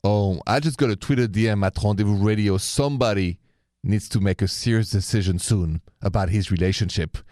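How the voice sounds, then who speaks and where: A man's voice: fairly low pitch, fairly quick, darkish tone, no room sound, studio quality. A man hosting a late-night radio advice show, earnest and caring, slipping words into his talk. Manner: earnest, sprinkles French words.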